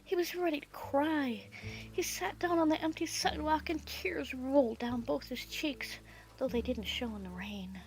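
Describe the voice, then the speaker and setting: A woman narrating a children's storybook in an expressive, dramatic reading style, with music underneath. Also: high voice, normal speed.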